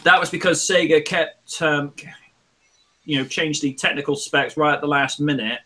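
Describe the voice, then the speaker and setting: A man's voice: on the high side, fairly even intonation, normal speed, sharp tone. A man hosting a casual gaming talk show, giving blunt, grumbling opinions. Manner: blunt, grumbling opinions with mock-quoted reactions. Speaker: show host.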